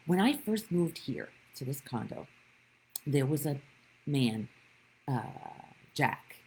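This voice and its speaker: A woman's voice: a bass voice, a little mellow, slightly rough, poor audio. A woman giving a live-streamed spiritual talk, telling stories with animation and greeting viewers by name. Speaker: spiritual teacher.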